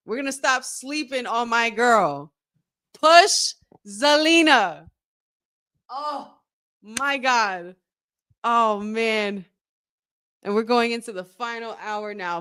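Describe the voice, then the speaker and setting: A woman hosting a live wrestling watch-along from her room at home, excitable and swearing as she talks to her chat. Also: a little high, clean tone. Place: room at home with windows open.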